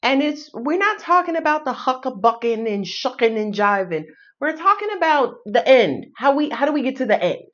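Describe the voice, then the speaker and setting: A woman's voice: high-pitched, very animated, moderate pace. Sassy new york lady doing a tarot reading, playful and cussing, kinda dull lo-fi sound. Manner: sassy, playful, swearing, laughs often. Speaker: tarot reader.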